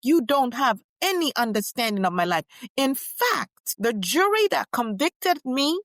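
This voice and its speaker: A woman playing an older female activist who looks back on her prison years in a first-person interview, telling it with emphatic, measured storytelling. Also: high voice, sing-song, dry recording, studio quality, exaggerated voice. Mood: impassioned. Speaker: guest portrayed in interview.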